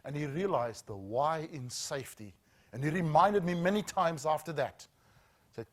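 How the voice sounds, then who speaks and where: A middle-aged man, telling a story as a safety trainer, with earnest dramatic pauses that drop to a hush. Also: on the high side, lively intonation.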